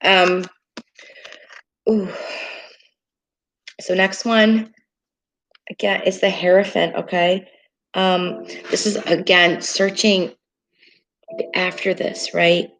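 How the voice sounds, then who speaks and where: A woman giving a tarot reading, speaking in a halting, hesitant way with many pauses and fillers. She sounds earnest and emotional as she talks through the cards. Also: on the low side, flat delivery, rough recording. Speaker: tarot reader. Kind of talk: tarot card reading to camera. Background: soft meditation music.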